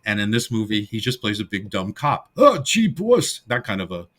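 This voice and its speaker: A man's voice: lowish voice, a little fast. A middle-aged man co-hosting a podcast, animatedly retelling classic comedy scenes in casual conversation. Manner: animated storyteller, acts out the film's lines in character. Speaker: podcast co-host. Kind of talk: casual film discussion.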